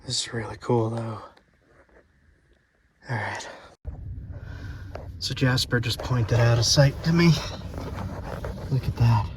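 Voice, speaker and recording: An out-of-breath man narrates his hike in a loose, rambling way, often losing the end of a sentence. He speaks unhurriedly, at a middle pitch. A faint hiss sits under the outdoor recording. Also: slow, pauses often. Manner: relaxed, rambling, trailing off mid-sentence. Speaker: outdoor vlogger. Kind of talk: casual outdoor vlog commentary. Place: outdoors on a volcanic hillside.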